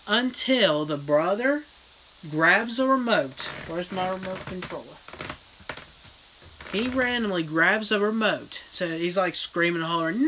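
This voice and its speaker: Profane, animated horror vlogger. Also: medium pitch, measured pace, background noise. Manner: blunt, profane, animated storytelling. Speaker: horror vlogger reading live chat. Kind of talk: casual livestream rant.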